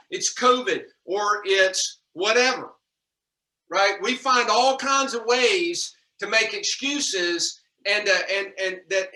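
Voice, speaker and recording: A man's voice: high-pitched, sharp tone. A man giving a folksy motivational talk on leadership to his team, calling them y'all and repeating himself as he goes. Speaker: leadership trainer. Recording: echoey room, distant mic.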